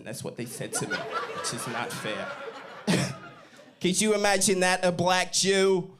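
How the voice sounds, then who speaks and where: A man's voice: medium pitch, moderate pace, background noise. A young man from Bristol doing a brash, sweary stand-up set in a comedy club, baiting the crowd on a handheld mic. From Bristol, England. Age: young adult.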